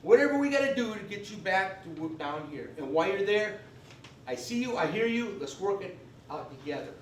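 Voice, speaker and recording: A man's voice: sits high, big pitch swings, a little fast, recorded from a distance, slight background noise. A man presenting a live class on veterans benefits, folksy and emphatic, often checking in with "okay?". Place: convention meeting room. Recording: echoey room recorded from afar.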